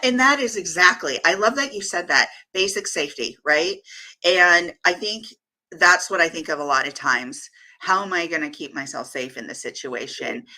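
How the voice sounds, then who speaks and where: A woman's voice: deep voice, sharp tone, rough recording. A woman hosting a casual podcast conversation, reflective, reading out listener comments and asking questions. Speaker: podcast host.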